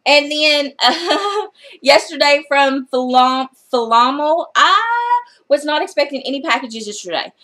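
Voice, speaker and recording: An excitable woman vlogger with a somewhat high voice talks loosely through a book haul. She gushes over what she loves and drops the odd casual curse, all in easy chat. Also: a little slow. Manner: chatty and excitable, gushing, casual swearing.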